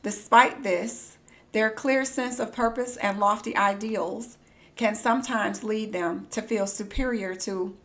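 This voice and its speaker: A woman streaming a game live, reading on-screen text aloud and breaking into excited squeals. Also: fairly high pitch. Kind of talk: live gameplay commentary.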